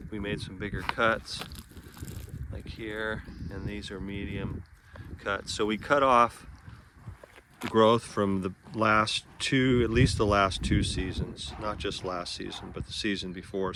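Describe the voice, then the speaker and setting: A man with a Californian accent giving a relaxed outdoor garden demonstration, explaining plainly with small asides. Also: on the low side, background noise. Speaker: nursery gardener.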